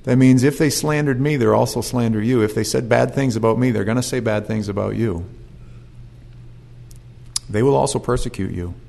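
Gravelly man preaching a lively sermon. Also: medium pitch, moderate pace. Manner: animated storytelling, acts out scenes with voices.

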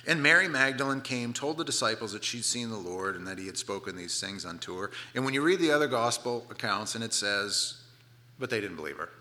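Bright, animated male preacher. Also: fairly low pitch, brisk, slight background noise. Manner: animated storytelling with playful asides, dropping to soft tones for tender moments. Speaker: pastor. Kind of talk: sermon.

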